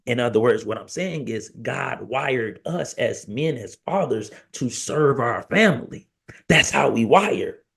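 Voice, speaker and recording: A man in his thirties hosting a podcast, talking casually and preaching to fathers, with an animated storytelling manner. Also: medium pitch, a little slow, vocal fry, husky. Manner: animated storyteller, acts out family quotes in raised voice. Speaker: podcast host.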